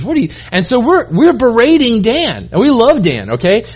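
A middle-aged man with a high-pitched voice delivers a sermon as a pastor. He talks casually, restarting his sentences often, and slips into the voices of the people he quotes. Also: wildly swooping pitch, moderate pace, husky. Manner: conversational, self-interrupting, acts out quoted voices.

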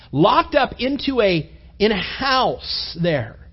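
High-voiced animated male preacher. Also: slow pace, breathy edge, dull audio. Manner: animated storytelling, acting out quoted voices, repeated restarts. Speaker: pastor. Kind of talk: sermon.

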